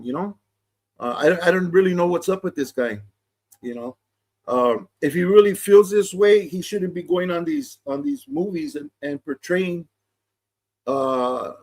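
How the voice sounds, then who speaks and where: A middle-aged man, a vlogger reacting to a clip, offers casual commentary in laid-back street talk full of slang and restarts. His voice is a little high with a darkish tone.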